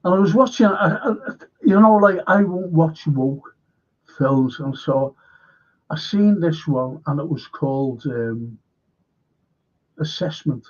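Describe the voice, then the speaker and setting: Man, film review host, dark mellow tone, very slow, blunt and sweary, frustrated, in pain. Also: a little high, expressive, lo-fi sound. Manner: blunt, rambling, swears a lot. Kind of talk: casual livestream chat.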